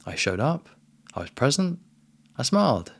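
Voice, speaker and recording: A man giving a casual spiritual monologue as a coach, relaxed and emphatic, often calling the listener "man". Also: medium pitch, moderate pace, creaky.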